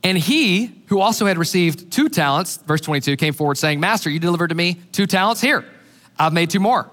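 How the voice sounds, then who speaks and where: A man preaching a sermon as pastor, animated and acting out the voices he quotes. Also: high voice, a little fast, in a large hall.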